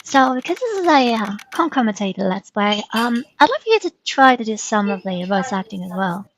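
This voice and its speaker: A woman's voice: medium pitch, big pitch swings, moderate pace, low-quality recording. A woman hosting a gaming let's play in casual, wry, chatty talk.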